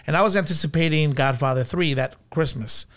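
Smooth, clear-voiced man telling stories. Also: fairly high pitch, a bit bright. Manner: enthusiastic storyteller, quick restarts. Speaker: guest film commentator. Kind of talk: casual chat about films.

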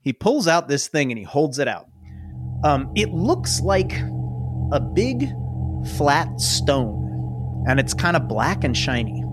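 A man's voice: on the high side, sing-song, takes it slowly, music in the background. A man narrating a tabletop game as game master, rambling and amused. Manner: rambling, amused, with many restarts.

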